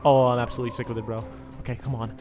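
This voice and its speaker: A man narrating his own game roleplay in an excitable way, often yelping and panicking as things chase him. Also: medium pitch, very fast. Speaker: gamer doing a roleplay. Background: game music.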